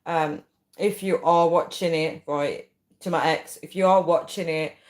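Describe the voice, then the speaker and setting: Low-voiced woman chatting live. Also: steady tone, a little slow, darkish tone, echoey room. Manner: chatty and rambling, frequent ums. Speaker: livestream host. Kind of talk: casual live chat, reading viewer comments.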